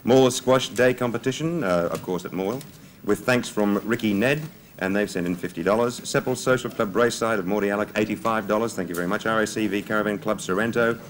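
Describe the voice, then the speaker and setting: A man's voice: lowish voice, fairly quick, slight background noise. An Australian man reading telethon donations formally and courteously. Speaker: telethon presenter.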